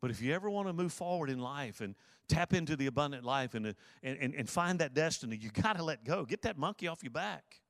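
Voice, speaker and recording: A man's voice: on the high side, expressive, fairly quick, fairly bright tone, no room sound. Earnest male pastor preaching, dry sound. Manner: earnest, repeats key phrases for emphasis. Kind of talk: sermon.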